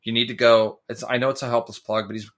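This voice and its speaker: A man co-hosting a podcast, telling stories in a rambling, excitable way and tripping over his words. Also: medium pitch, quick pace. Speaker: podcast co-host. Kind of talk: casual chat.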